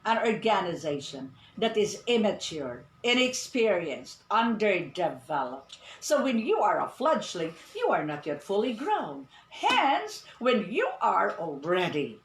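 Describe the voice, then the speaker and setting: A woman's voice: mid-range voice, sing-song, unhurried, few pauses. A woman teaching an English lesson in an online radio-style class, emphatic and repeating "no, no" to correct habits. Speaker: English tutor. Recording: echoey room with faint ambient noise.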